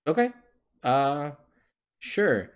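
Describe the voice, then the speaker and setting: A game master guides players through a tabletop session with a loose, unhurried delivery, full of ums and uhs and quick restarts. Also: mid-range voice, sing-song, clean tone. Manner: loose, with many fillers and restarts. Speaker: dungeon master.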